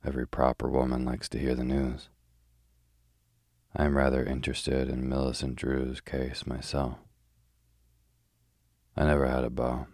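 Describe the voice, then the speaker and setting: A man's voice: a bass voice, darkish tone, dry recording, studio quality, exaggerated voice. A man voicing a chatty, pious older spinster housekeeper in a sleepy bedtime audiobook reading. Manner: chatty, prim, old-fashioned.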